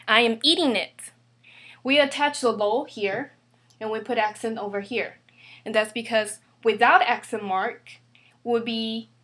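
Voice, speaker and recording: A woman teaching a grammar lesson, slowly and carefully spelling out each example. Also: on the high side, fairly bright tone. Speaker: Spanish teacher.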